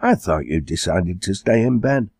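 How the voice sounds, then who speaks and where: A spirited, teasing teenage farm girl, quick-witted and cheeky, put on by a male narrator. The voice is pushed well above his naturally low register and keeps a husky edge. It carries the lively rise and fall of an audiobook read aloud. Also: no echo, clean studio sound, heavily acted.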